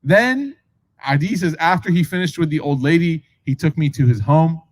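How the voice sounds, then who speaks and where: On a low-quality recording with a bit of hiss or hum, a man speaks briskly in a fairly high voice. The preacher tells a religious story in an easygoing lecture manner, performing the quoted voices and frequently addressing the audience directly.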